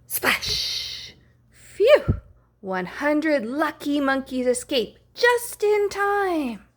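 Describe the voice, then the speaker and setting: A woman reading a picture book aloud, playful and expressive, dropping to hushes for effect. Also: high-pitched, very slow. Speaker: storybook reader.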